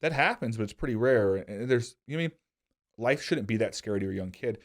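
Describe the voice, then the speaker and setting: A man's voice: medium pitch, expressive, fast. A man in a casual podcast conversation, telling earnest, reflective stories about his own past.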